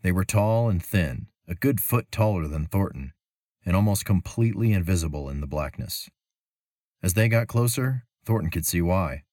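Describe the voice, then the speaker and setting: A man narrating a fantasy story as an audiobook, measured and even. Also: deep voice, dry recording, studio quality.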